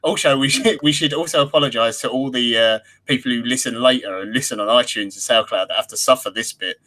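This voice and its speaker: A man on a fan podcast giving blunt, animated football opinions with casual swearing. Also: medium pitch, fast. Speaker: podcast co-host.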